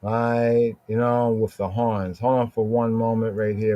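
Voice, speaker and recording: Slow-talking man teaching scripture. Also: on the low side, little pitch movement, warm tone, highs cut off. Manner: slow, searching delivery, keeps asking "right?" and repeating "here, here". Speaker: podcast host and Bible teacher.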